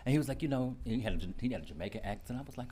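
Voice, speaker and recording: A man's voice: mid-range voice, racing, over music. A man on a radio show telling a gossip story, laughing often and acting out what people said. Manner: expressive, laughs often, acts out dialogue.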